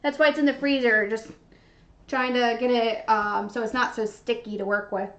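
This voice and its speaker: A woman's voice: on the high side, steady tone, moderate pace, fairly bright tone. A young woman hosting a live baking demonstration, chatty and bubbly as she talks to her viewers from a kitchen. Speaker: baking show host. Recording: dull lo-fi stream audio.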